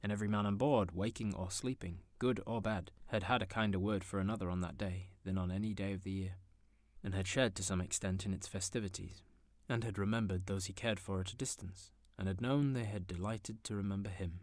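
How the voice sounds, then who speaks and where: A man narrating a classic story in an expressive, theatrical manner. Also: low-pitched, a little fast, no room sound. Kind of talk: audiobook narration.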